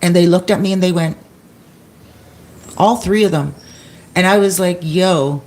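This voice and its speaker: A middle-aged woman vlogging to her viewers, retelling stories in a chatty, animated way and acting out what people said. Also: on the low side, moderate pace. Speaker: expat vlogger. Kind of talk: casual storytelling to viewers.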